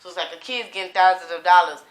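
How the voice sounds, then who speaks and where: A woman's voice: fairly low pitch, fast talker, roomy sound. A woman giving a casual tarot reading, talking in a rambling, profane, stream-of-consciousness way. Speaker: tarot reader.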